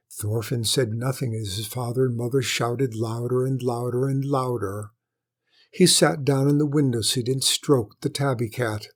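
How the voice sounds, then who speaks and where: Husky-voiced male storyteller. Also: medium pitch, fairly even intonation, unhurried. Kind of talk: storybook narration.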